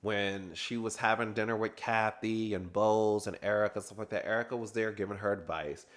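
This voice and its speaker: Man, lowish voice, sassy, chatty, casual recap commentary, laughs easily. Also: fairly even intonation, a little fast. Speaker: reality TV recap reviewer.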